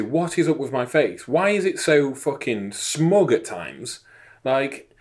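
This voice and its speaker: A man, co-hosting a casual podcast, teasing his friend in a deadpan, sweary way. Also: mid-range voice, slow, echoey room. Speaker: podcast co-host. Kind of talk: casual banter.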